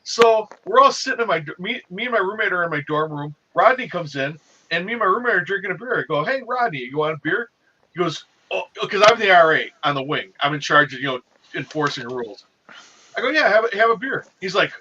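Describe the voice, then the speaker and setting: Lively older man telling a story. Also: high voice, quick pace. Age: 50s. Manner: animated, acts out quotes. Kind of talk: casual storytelling. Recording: dull lo-fi sound.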